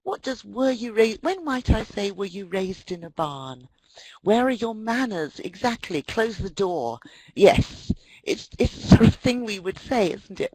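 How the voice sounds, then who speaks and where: A woman's voice: medium pitch, slightly rough, dry recording, poor audio. A woman presenting an online lecture on language, telling stories and acting out quoted speech. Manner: lively storytelling, acts out quotes. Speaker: webinar presenter.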